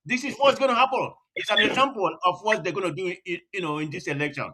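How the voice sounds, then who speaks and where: Angry, sharp-voiced man. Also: high-pitched, quick pace. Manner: angry, emphatic, emotional. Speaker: panel guest. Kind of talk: livestream panel talk.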